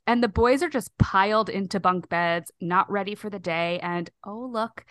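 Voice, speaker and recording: A woman's voice: mid-range voice, moderate pace, fairly bright tone, no echo. Woman, podcast host, casual movie recap, jokey, dry close sound. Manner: narrates scenes, jokey, laughs often.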